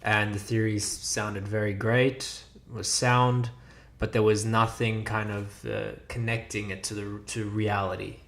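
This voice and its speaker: A man's voice: on the low side, flat delivery, a little slow, a bit bright. A man hosting a podcast, asking thoughtful, probing questions in a casual interview. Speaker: podcast host. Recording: echoey room with faint ambience.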